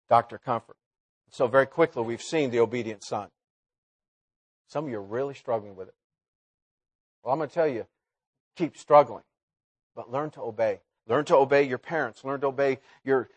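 A man preaching a sermon in a college chapel, swinging between loud emphatic lines and low quiet asides.

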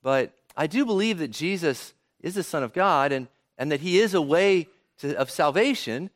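An earnest young college student, as a preacher acts him out, speaking calmly and carefully in a somewhat lowered voice. His measured explanation moves with a lively pitch. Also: natural voice.

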